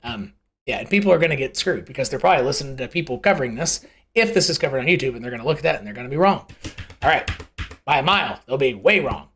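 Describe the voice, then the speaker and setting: Live-stream market host, loose and conversational, self-correcting, pitch jumping around a lot. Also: animated, fast, a bit bright, slight background noise. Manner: uses homely analogies and rhetorical questions. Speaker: host of a live crypto price analysis show. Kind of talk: casual live chart commentary.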